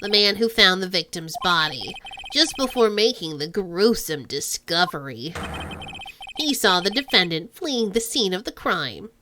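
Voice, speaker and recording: Woman playing a smug low prosecutor. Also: sing-song, noisy background. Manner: low, slow, condescending. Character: smug middle-aged male prosecutor. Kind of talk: game voice-over.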